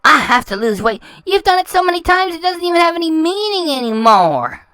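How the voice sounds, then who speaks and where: A woman's voice: very high-pitched, very animated, brisk, sharp tone, no room sound, rough recording. Scornful woman mocking a clip, dry sound. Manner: scornful, insulting, stumbles and repeats words. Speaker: reaction channel host. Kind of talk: mocking commentary over clips.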